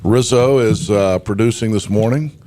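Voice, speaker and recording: A man hosting a morning radio talk show, his voice hoarse from a lingering cold. He speaks in a lowish register and rambles loosely, filling his sentences with ums and uhs. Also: moderate pace, dark tone, slight background noise. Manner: rambling, chatty, many fillers. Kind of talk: casual morning show banter.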